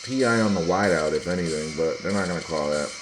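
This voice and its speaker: Low-voiced man doing casual football commentary. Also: fast talker, music in the background, low-quality recording. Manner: conspiratorial, dismissive, talks to viewers directly. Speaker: sports video host. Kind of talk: casual commentary over game footage.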